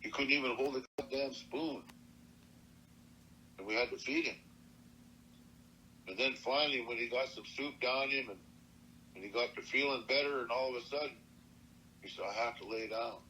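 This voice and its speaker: A man's voice: medium pitch, moderate pace, long pauses, bright, forceful tone, slight background noise, rough recording. An older man from Montana telling a personal story from his youth, plainspoken and earnest, with salty language. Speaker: elder storyteller. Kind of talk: personal oral-history storytelling.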